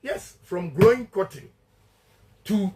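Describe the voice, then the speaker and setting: Ghanaian guy giving a campaign speech, high voice, hammers his points over and over, drops into twi. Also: lively intonation, slow pace, dark tone, soft background music, rough recording. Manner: emphatic, repetitive and declamatory; switches between English and Twi. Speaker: politician addressing supporters.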